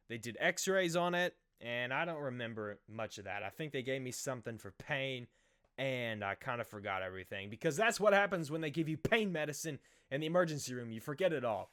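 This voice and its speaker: A young man telling a childhood story in a casual, animated, self-mocking way, acting out the other people's voices. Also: medium pitch, brisk, clean tone. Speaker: vlogger.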